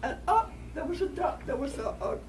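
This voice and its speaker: A woman telling a story aloud to a group of children in an animated, expressive way. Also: sits high, brisk. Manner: animated, expressive, warm with listeners. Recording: distant mic, noisy room.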